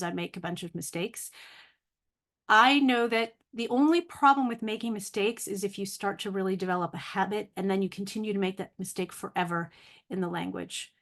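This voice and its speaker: Woman, casual online teacher, mid pitch, careful over hard words, corrects herself freely. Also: fairly bright tone. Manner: thinking aloud, self-correcting, laughs at own slips; careful, spelled-out pronunciation of long words. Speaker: language teacher. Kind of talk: casual video lesson.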